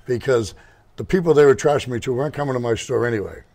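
A man's voice: medium pitch, fast talker, gravelly, darkish tone. An older man who owns a motorcycle shop, telling rambling, digressive stories as a guest in an interview. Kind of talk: casual storytelling interview.

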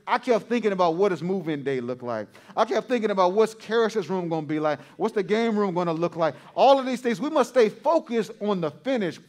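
A male pastor preaching a sermon to his congregation, repeating phrases for emphasis and calling out to the crowd. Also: high-pitched.

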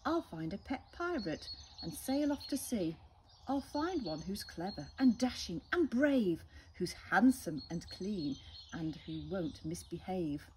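A woman voicing a fussy female parrot in a storybook, pitched up and sing-song. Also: sing-song, takes it slowly, warm tone, slight background noise. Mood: eager.

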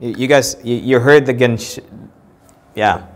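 A man's voice: mid-range voice, fairly even intonation, brisk. A man with a Sudanese accent giving a casual English pronunciation lesson to camera, often repeating words and restarting. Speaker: English teacher. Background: street traffic.

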